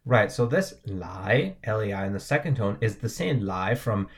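A man's voice: lowish voice, animated, moderate pace. A man teaching words and tones, explaining patiently and checking in with "right?". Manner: patient, repeats "right?" often. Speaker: language teacher.

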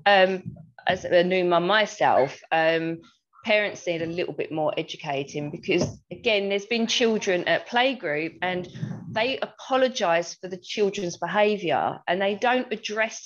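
A young woman chats through a casual discussion, telling anecdotes and slipping into bits of acted dialogue. Her voice sits at an ordinary middle pitch. The recording sounds a little dull and lo-fi. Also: lively intonation, measured pace, slight background noise. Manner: chatty, anecdotal, acts out dialogue. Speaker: discussion panellist, new mother.

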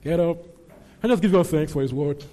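A man's voice: on the high side, fairly quick, warm tone. A man preaching a sermon as pastor, emphatic and often checking in with his congregation. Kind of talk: sermon teaching and prayer.

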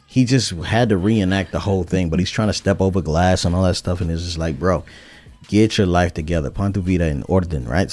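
Man, deep voice, laid-back, slangy, podcast co-host, faint music behind. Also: a little mellow. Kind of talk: casual chat.

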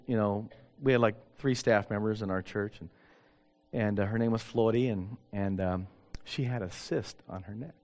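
A middle-aged man, a pastor, telling stories in a sermon, acting out dialogue with self-deprecating humor. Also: medium pitch. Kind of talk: sermon storytelling.

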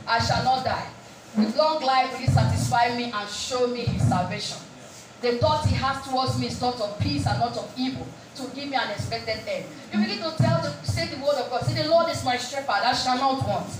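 A woman's voice: high voice, normal speed. A woman preaching a sermon. She asks the congregation questions and keeps saying "praise God" between points. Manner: call-and-response questions, repeated "praise God". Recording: echoey room, distant mic, faint music.

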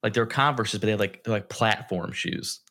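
Speaking a little fast in a fairly low voice, this young podcast co-host spins an animated story in casual conversation, performing the quotes himself.

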